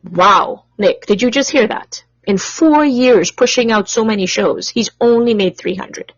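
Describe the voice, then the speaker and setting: A woman's voice: on the high side, unhurried, dry recording, lo-fi sound. A woman from Canada co-hosting a podcast, blunt and outspoken, with a cough from bronchitis. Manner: blunt, swears, talks back. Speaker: podcast co-host. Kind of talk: casual podcast banter.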